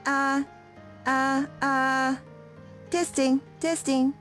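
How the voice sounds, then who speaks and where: An actress playing an eccentric young woman in a dubbed game, halting and stilted as she rehearses lines. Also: sits high, little pitch movement, a bit bright, faint music behind, full character voice. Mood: odd stilted.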